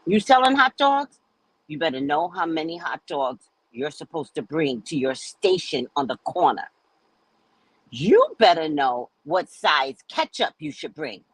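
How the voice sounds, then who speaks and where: A woman's voice: sits low, sing-song, unhurried, husky, no room sound, poor audio. A woman hosting a casual commentary show, talking in a sassy, emphatic, lecturing way. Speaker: host.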